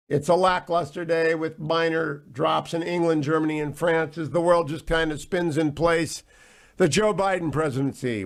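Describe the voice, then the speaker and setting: A middle-aged man hosting a talk radio show, wry and mocking with quick asides. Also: on the high side, creaky.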